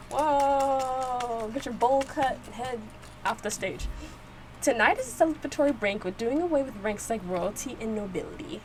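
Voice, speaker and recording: A woman giving casual reaction commentary, reading subtitles aloud and excitedly repeating herself. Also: fairly high pitch, moderate pace, a little hiss or hum. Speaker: video reactor.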